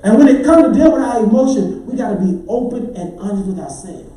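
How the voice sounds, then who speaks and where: A man's voice: sits high, animated, a little fast, dark tone. A man preaching a sermon as pastor, rhythmic and building to sung, hollered climaxes. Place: large church sanctuary. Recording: echoey church hall, mic at a distance.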